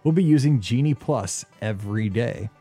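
A man's voice: mid-range voice, expressive, normal speed, mellow, slightly rough, faint music behind. A man hosting a podcast, chatting casually and reading listener emails aloud. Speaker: podcast host.

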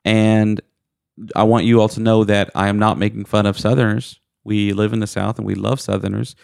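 A man's voice: on the low side, flat delivery, moderate pace, gravelly, a little mellow, clean tone, no room sound, clean studio sound. A man co-hosting a podcast, chatting casually and telling goofy, self-mocking stories. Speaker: podcast co-host. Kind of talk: casual chat.

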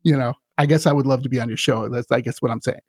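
A man's voice: medium pitch, steady tone, fast, darkish tone, slightly rough, no room sound, studio quality. A man hosting a podcast, telling a story in an eager, rambling way with many restarts. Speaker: podcast host. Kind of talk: casual chat.

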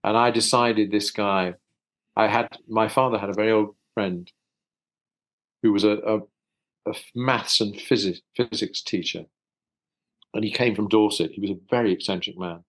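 A man's voice: on the low side, steady tone, normal speed, long pauses, fairly bright tone, poor audio. An older actor from South London chatting in an interview over a video call, hesitant and repeating his words, often chuckling. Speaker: actor guest. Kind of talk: casual interview chat.

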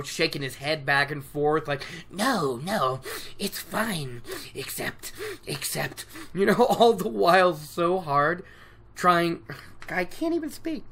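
A podcast host recapping a story in a casual, animated way, laughing often and poking fun at themselves. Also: medium pitch.

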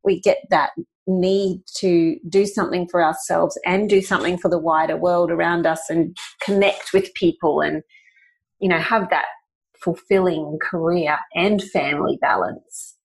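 A podcast host conducts a casual interview, asking long, rambling questions packed with "you know" and often correcting herself mid-sentence. Her voice is fairly low, gravelly and steady, and she speaks unhurriedly. The recording quality is low.

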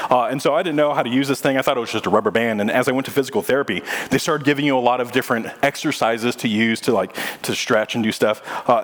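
A young man preaching a sermon, telling a personal story in a conversational, animated way and acting out what people said. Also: mid-range voice. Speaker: pastor. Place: church auditorium. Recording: church hall reverb.

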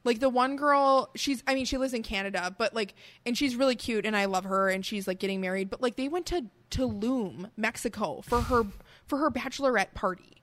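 A woman's voice: on the high side, fairly quick, fairly bright tone. A woman co-hosting a podcast in casual chat, rambling and filling nearly every phrase with "like". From American Midwest. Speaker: podcast co-host.

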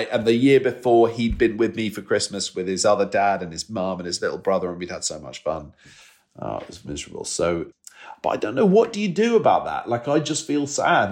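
A man in his forties telling personal stories candidly as a guest, halting often and restarting his sentences, with an emotional, self-deprecating manner. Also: fairly low pitch. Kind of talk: candid conversational storytelling.

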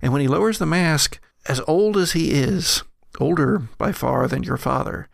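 A man narrating as game master of a tabletop horror game, slow and hesitant as he describes each scene. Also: fairly high pitch, lively intonation, vocal fry, no room sound, clean studio sound.

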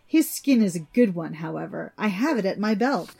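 A woman's voice: medium pitch, expressive, moderate pace, creaky, slightly rough. A woman playing a mocking trickster god. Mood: scornful. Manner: sharp, scornful.

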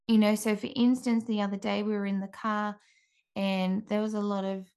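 A woman in her thirties, a mother, giving an earnest, gentle devotional talk with frequent restarts. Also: mid-range voice, little pitch movement, normal speed, clear, resonant tone.

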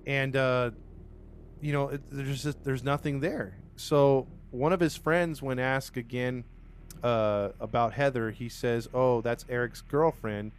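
A man's voice: medium pitch, fairly even intonation, measured pace, slight background noise. A man casually retelling a crime case to co-hosts, acting out the quotes with lots of fillers and restarts. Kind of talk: casual storytelling chat.

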